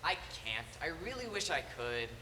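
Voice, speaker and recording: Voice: medium pitch, very animated, moderate pace, bright, forceful tone. A teenage actor playing Gibson, a wry, modest young man in a stage play. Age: teens. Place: school auditorium stage. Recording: echoey auditorium from far off, noise.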